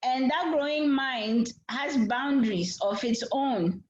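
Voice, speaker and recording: A woman facilitating a casual panel chat, frank and lively, acting out quotes as she tells stories. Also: sits high, takes it slowly, a little hiss or hum. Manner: frank, lively storyteller who acts out quotes. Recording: roomy, dull lo-fi sound.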